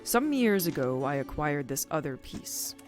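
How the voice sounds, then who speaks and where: A woman reading out the lines of a scholarly male trader in a fishing game, lowering her voice a little. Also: big pitch swings, soft background music. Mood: musing. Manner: measured, formal reading. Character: scholarly old male trader, calm and curious.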